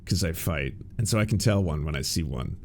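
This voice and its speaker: Brief: man impersonating a deep, hushed macho bully, profane taunts, picking a fight. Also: animated, fairly quick, vocal fry, a little hiss or hum. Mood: taunting. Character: aggressive macho male podcaster taunting a guest.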